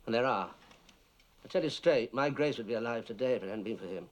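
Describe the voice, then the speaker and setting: An actor playing a bitter, resentful widower being questioned, grim and brooding, in a film drama. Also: male voice, mid-range voice, expressive, fast talker, natural voice.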